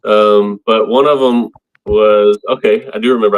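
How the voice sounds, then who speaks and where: A man with a slightly low voice talks in an easy, rambling way, chuckling often. His casual chat meanders along as he co-hosts a podcast. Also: steady tone, normal speed. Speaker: podcast co-host.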